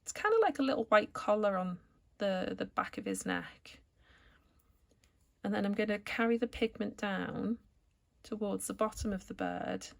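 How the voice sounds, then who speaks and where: A woman calmly explaining each step of a watercolour painting as she works, as an art tutor. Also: mid-range voice, normal speed, gravelly. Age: adult, returned to art after school years. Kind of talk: painting tutorial narration while working.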